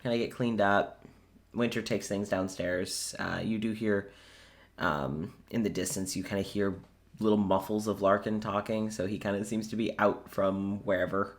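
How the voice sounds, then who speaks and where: A man running a tabletop game as game master, narrating in a relaxed, halting way full of ums. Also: on the low side.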